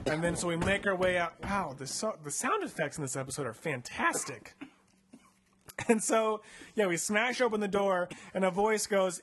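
A man's voice: high-pitched, animated, normal speed, a bit bright, slight background noise. A young man casually retelling a story on a comedy podcast, chatty and playful, with lots of filler words. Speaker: podcast host reading a choose-your-path book aloud.

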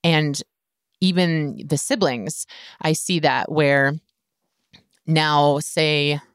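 A woman hosting a show as a scoliosis care provider, talking through an advice monologue in a relaxed, conversational way with many filler words. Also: sits low, drawn-out words, smooth, dry recording, clean studio sound.

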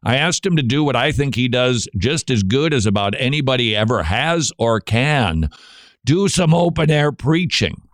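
Male radio host, animated mid voice, dry studio sound, quick asides. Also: medium pitch, no room sound. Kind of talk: radio show introduction.

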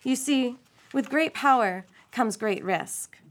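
A chatty police officer who cracks bad jokes and then gets down to business, as a woman reading the story puts him on. The voice stays fairly high and light, close to the reader's own. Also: slow. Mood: matter-of-fact. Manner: joking, chatty, then matter-of-fact. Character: wisecracking male police officer, adult. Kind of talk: reading a short story aloud.

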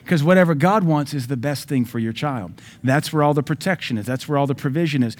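A man preaching a sermon as pastor, emphatic, swinging between loud declarations and quieter asides. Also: fairly high pitch, a little fast.

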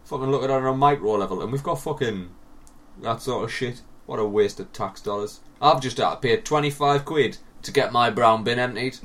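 A man with a Northeast English accent, co-hosting a podcast in casual chat, sweary and animated as he tells stories. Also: medium pitch, brisk. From northeast England. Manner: sweary, animated storytelling with mock voices. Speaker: podcast co-host.

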